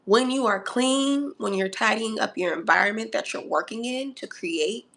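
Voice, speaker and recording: A woman's voice: a little high, moderate pace, fairly bright tone. Coaching woman giving an astrology reading. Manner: coaching, repeats "okay?", calls listener honey and darling. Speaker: astrology reader. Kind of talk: casual spoken astrology reading.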